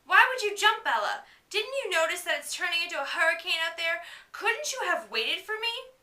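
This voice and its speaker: A woman's voice: extremely high pitch, big pitch swings, a little fast, pushed and bright, far from the mic, voice pushed up, full character voice. A woman voicing an anxious, protective teenage boy, urging and pleading, recorded in an echoey room away from the mic. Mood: worried. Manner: urgent, pleading.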